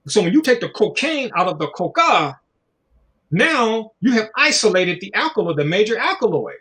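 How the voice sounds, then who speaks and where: A man's voice: sits high, sing-song, normal speed, sharp tone. A man in casual conversation, talking in a loose, profane, preachy way and acting out little voices as he goes. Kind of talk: casual chat.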